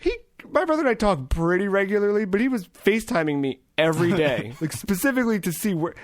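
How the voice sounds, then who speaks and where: A man hosting a podcast, telling a long story in rambling, profane, animated casual talk. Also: high-pitched, fast, dry recording, clean studio sound. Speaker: podcast host. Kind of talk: casual chat, anecdote.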